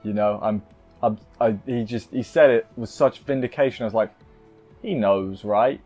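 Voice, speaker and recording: A man's voice: medium pitch, steady tone, a little fast, dark tone, faint music behind. A man casually recapping an anime episode, rambling and cutting himself off with playful asides. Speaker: anime reviewer.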